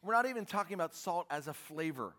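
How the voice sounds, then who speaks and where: A man preaching a sermon as pastor, emphatic and calling out to his congregation for answers, moving between quiet asides and shouted lines. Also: a little high, lively intonation, fast. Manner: emphatic, calls out to the congregation for responses.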